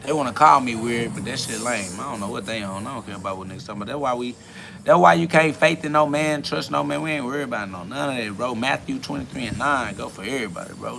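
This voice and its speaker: A man's voice: mid-range voice, vocal fry, background noise. A man in his twenties hosting a podcast, rambling in a slangy, profane, casual monologue while reading chat comments aloud. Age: 20s. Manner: rambling, slangy and profane, with frequent "you feel me" fillers. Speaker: podcast host.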